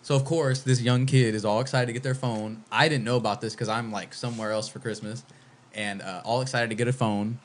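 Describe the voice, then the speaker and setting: Here is a young man in loose podcast chat at a mid pitch. He tells animated, profane stories and acts out what he once said and texted. His delivery is informal and fully at ease. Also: brisk. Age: young adult. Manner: animated storyteller, heavy swearing, acts out his own texts. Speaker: podcast co-host. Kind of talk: casual chat.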